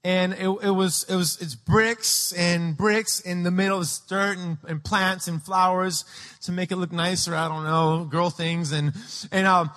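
Animated high-voiced preacher in echoey hall. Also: male voice. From Peru. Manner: animated, acts out childhood voices with shouts. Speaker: pastor. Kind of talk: sermon with personal storytelling. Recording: echoey hall with long reverb.

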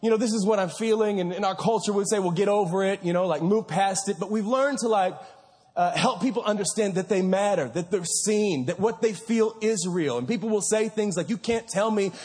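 A man in his thirties gives a casual, storytelling sermon, full of fillers and quick restarts. His voice sits fairly high and a touch husky. It rings out in a large reverberant sanctuary. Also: darkish tone. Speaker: pastor. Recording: reverberant hall.

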